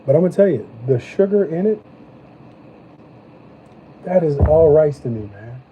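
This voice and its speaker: Animated man reviewing snacks. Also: fairly high pitch, measured pace, narrow, tinny audio, a little hiss or hum. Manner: animated, loose slangy talk. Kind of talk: casual live-stream chat.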